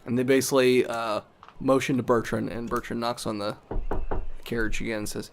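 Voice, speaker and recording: A man narrating as game master in a relaxed, matter-of-fact way with fillers. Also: mid-range voice, fairly quick, creaky, slight background noise.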